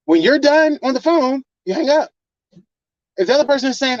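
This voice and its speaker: A channel host with a high-sitting voice lectures a partner at normal speed in a heated, confrontational, swear-filled rant. There's no room sound, and the lo-fi recording is slightly dull.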